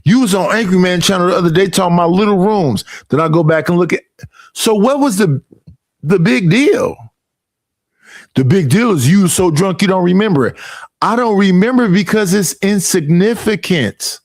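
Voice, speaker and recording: A man's voice: high voice, expressive, moderate pace, no echo, clean studio sound. A man in his fifties, a streamer, ranting heatedly and profanely, repeating himself for emphasis. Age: 50s. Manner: profane, emphatic and repetitive, mimicking others.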